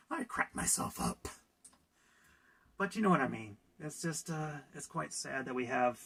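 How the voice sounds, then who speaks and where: A man's voice: fairly high pitch, creaky, fairly bright tone, breathy edge. A man from California ranting in a casual opinion vlog, sarcastic and laughing at his own jokes. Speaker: vlogger.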